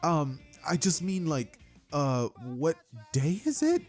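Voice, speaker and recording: A timid teenage boy who stammers, rambles and frets, pitched higher than usual, as a man puts him on in a fan story. His husky voice jumps around a lot as he explains himself. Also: huge pitch swings, takes it slowly, darkish tone, faint music behind, heavily acted. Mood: nervous. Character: timid, jittery teenage boy hero student.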